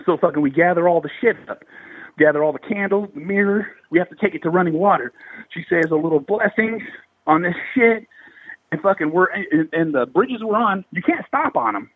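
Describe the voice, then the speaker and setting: A Bay Area, California man in his thirties tells a paranormal story in a high-pitched, husky voice, talking a little fast. His casual speech is slangy, animated and heavy with swearing, and the dry recording sounds narrow and tinny.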